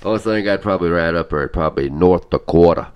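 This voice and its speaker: A man hosting a podcast, chatting casually in a rambling, halting way with lots of fillers. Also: sits low, clean tone, highs cut off. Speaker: podcast host. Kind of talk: casual chat.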